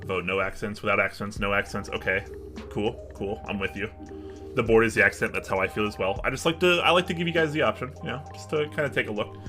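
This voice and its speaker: A man's voice: on the low side, quick pace, pushed and bright, soft background music. A man hosting a live stream in casual chat, thinking aloud and asking viewers for their opinions with frequent restarts. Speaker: livestream host.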